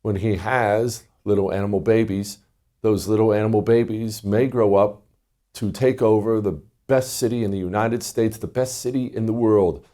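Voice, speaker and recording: A man's voice: on the low side, steady tone, moderate pace, warm tone. A middle-aged man hosting a talk show, delivering a combative, sarcastic monologue. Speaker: host.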